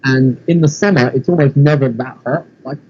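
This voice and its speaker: A man's voice: medium pitch, moderate pace, darkish tone, husky, lo-fi sound. A man from England with a London accent, laid-back and casually swearing in a chat. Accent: London English.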